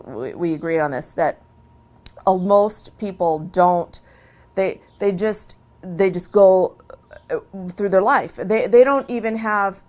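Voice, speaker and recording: A woman who converted to Islam tells her story in a casual interview, earnest and emphatic, often repeating a phrase for stress. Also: fairly low pitch.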